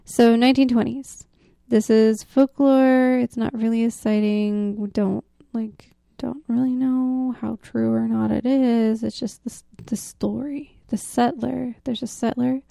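A woman co-hosting a podcast, casually telling a folklore story, often dropping to a hushed whisper and laughing easily. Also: on the high side, fairly even intonation, measured pace, creaky, few pauses, dry recording, studio quality. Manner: drops to a hushed whisper for the spooky parts. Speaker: podcast co-host.

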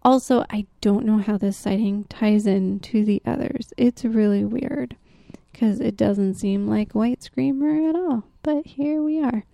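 A woman recounts local folklore in a relaxed, unhurried way, her voice mellow and slightly high with a gravelly edge. She giggles often and sinks into a near-whisper at the eerie moments, recorded close and dry. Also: no echo. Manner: drops to a hushed whisper for the spooky parts; giggly, easily laughs. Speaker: podcast co-host. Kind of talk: casual folklore storytelling.

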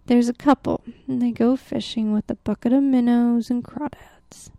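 A woman recounts local folklore in a relaxed, unhurried way, her voice mellow and slightly high with a gravelly edge. She giggles often and sinks into a near-whisper at the eerie moments, recorded close and dry. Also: no echo. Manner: drops to a hushed whisper for the spooky parts; giggly, easily laughs. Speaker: podcast co-host. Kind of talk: casual folklore storytelling.

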